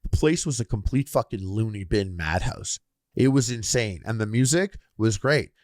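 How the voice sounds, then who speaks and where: A man's voice: lowish voice, moderate pace, dry recording, studio quality. A man with a Canadian accent, co-hosting a podcast and telling a wild story in casual chat, acting out the people he quotes. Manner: animated, swearing, acts out quoted people. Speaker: podcast co-host.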